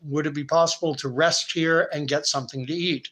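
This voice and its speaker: A man's voice: fairly high pitch, fairly even intonation, brisk, pushed and bright. A man voicing a weary, earnest brother who speaks with indignation. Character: righteous wandering brother named Truth, a man.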